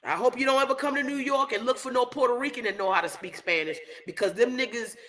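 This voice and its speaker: A woman comedian on a live stream, telling a loud, profane, rambling story. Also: on the high side, brisk.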